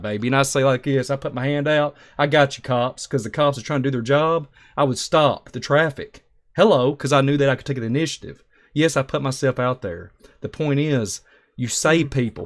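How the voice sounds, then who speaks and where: A man telling stories on a talk show, emphatic and rambling, acting out the voices of people in his stories. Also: medium pitch. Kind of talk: animated storytelling on a talk show.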